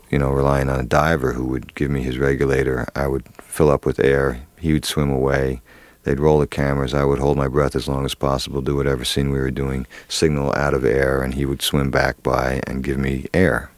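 A man's voice: extremely low pitch, level tone, brisk, no room sound. A man, an actor, telling a long story in an interview, rambling with many fillers and restarts. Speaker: actor guest.

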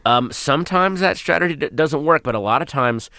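A man, a comedian, answering interview questions in a radio studio, thoughtful and given to trailing off into soft asides. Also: fairly high pitch, animated, a little fast, no room sound. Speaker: comedian guest.

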